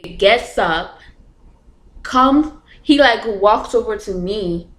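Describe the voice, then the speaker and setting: A young woman tells a personal story to her camera in a loose, chatty storytime style. She keeps her pitch mid-range and fills her talk with fillers and nervous laughs. Her voice bounces around a small, echoey room. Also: lively intonation, slow pace, a bit bright, a little hiss or hum. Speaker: vlogger. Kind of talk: casual storytime.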